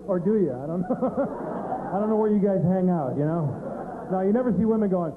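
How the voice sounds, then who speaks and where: A man spins everyday stand-up stories in a conversational way, checking in with the audience. His voice sits high and moves a lot, and the recording is thin and phone-like with steady noise. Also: normal speed. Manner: conversational storytelling, asks the audience questions. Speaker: stand-up comedian. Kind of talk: stand-up routine. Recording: tinny, noisy 90s TV recording.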